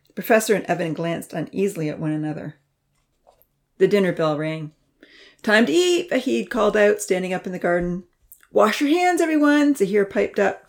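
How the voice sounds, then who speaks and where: A woman narrating a children's story aloud, softly voicing the characters and dropping to near-whispers for hushed asides. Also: fairly low pitch. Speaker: audiobook narrator. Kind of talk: scripted narration with character dialogue.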